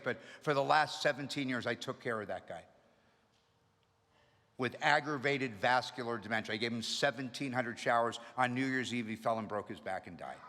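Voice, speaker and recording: Middle-aged guy sharing his story at a meeting, bright punchy voice, big echoey hall. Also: medium pitch. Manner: energetic, humorous storyteller. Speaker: recovery meeting speaker. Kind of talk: storytelling talk to an audience. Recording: long reverb of a hall.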